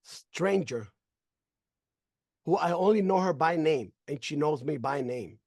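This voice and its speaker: Animated man telling his testimony. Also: on the high side, a little slow, dry recording, clean studio sound. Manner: animated, acting out conversations, stumbling fillers; emotional, faith-filled. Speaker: member sharing a testimonial. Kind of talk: personal testimony storytelling.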